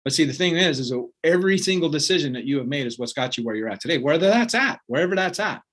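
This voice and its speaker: A man's voice: a little high, expressive, fast talker, fairly bright tone. A man giving a motivational talk, earnest and conversational, often checking in with his audience. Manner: earnest, peppered with "right?" and "like". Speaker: motivational speaker.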